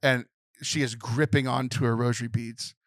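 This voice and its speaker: A man's voice: mid-range voice, normal speed, no echo. Man retelling a film on a podcast, dry sound. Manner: animated storyteller retelling a film plot, many fillers. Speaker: podcast co-host. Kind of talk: casual podcast chat.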